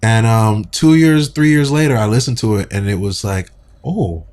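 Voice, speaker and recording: A man's voice: fairly low pitch, expressive, moderate pace, darkish tone. A man co-hosting a podcast in a laid-back, casual chat, laughing often. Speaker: English teacher and podcast co-host.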